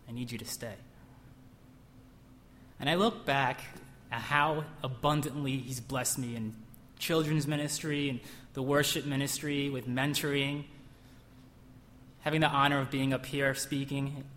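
A man's voice: mid-range voice, a bit bright. Young guy giving a chatty sermon, faint background hum, long reverb. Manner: conversational, acts out quotes with bursts of emphasis. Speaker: preacher. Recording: echoey hall, faint ambience.

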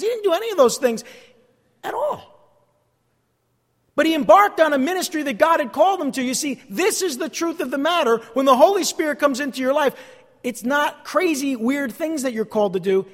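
High-voiced preacher in a reverberant hall. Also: male voice. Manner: emphatic preaching, repeating phrases, swinging from loud to hushed. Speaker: pastor. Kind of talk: sermon.

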